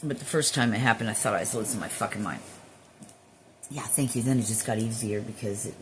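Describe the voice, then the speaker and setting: A woman's voice: extremely low pitch, brisk, slight background noise. A woman who works as a spiritual healer, rambling in a casual spiritual monologue with drifting, profane asides.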